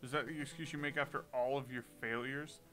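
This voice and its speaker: A man voicing a haughty, scornful male prosecutor in a game, cutting and forceful. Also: mid-range voice, steady tone, brisk, faint music behind, natural voice.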